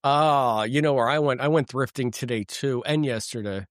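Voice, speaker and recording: A man of middle pitch chatting in a relaxed, rambling way, with plenty of fillers and restarts. His voice is recorded close and dry. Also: normal speed, dry recording. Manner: rambling, easygoing, many fillers. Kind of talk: casual chat.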